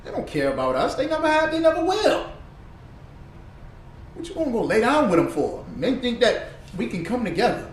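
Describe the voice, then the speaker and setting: A man giving animated, preachy and profane reaction commentary on played clips, laughing often. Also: high-pitched, moderate pace. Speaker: online commentator. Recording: echoey room, far from the mic, faint noise.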